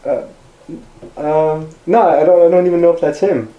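A man's voice: a little high, muffled recording. Teasing male podcast co-host. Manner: teasing, laughing, quick to question. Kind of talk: casual podcast banter. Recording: roomy studio.

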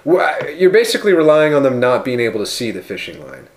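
A man co-hosting a loose comedy podcast in an average-pitched voice. He rambles through crude jokes and sometimes puts on a mock-offended tone. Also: sing-song, fast. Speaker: podcast co-host. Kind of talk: casual comedy podcast chat.

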